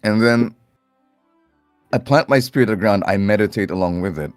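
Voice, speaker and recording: A man's voice: on the low side, normal speed, clean tone, dry recording, faint music behind. A man playing a tabletop role-playing game, rambling playfully about what his character does. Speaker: player. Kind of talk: tabletop role-play narration.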